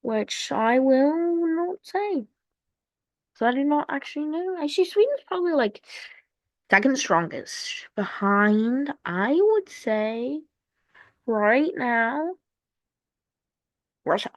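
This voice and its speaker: Playful slow-talking woman narrator. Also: high voice, expressive, dry recording. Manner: playful, rambling, jokey asides; repeats words in sing-song fashion. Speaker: map video narrator. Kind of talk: casual commentary over a map.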